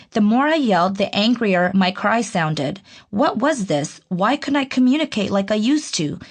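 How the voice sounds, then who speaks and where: A woman narrating her own audiobook in an earnest, reflective, measured way. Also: mid-range voice, expressive. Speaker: author reading her own book.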